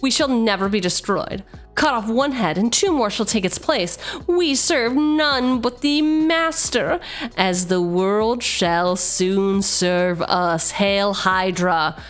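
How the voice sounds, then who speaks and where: A woman putting on the voice of a menacing villain cult leader, declaiming slowly and solemnly. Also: mid-range voice, expressive, faint music behind. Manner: slow, grandiose, solemn declaiming.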